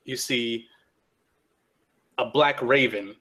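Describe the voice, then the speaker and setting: A man running a tabletop game, narrating the scene in a relaxed, halting way with frequent restarts. His voice sits at an average pitch and sounds bright. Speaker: game master.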